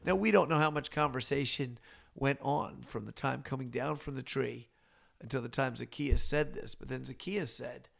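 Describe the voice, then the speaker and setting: A man's voice: medium pitch, normal speed, gravelly, fairly bright tone. A man co-hosting a casual podcast, talking through Bible passages in a folksy, teasing way with many restarts. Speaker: podcast co-host.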